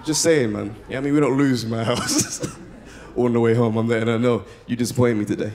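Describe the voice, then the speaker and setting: A young man doing a slangy, animated stand-up comedy set. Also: medium pitch, fairly quick, crowd noise. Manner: animated, slangy, swings into loud shouted bits. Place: live comedy venue with audience.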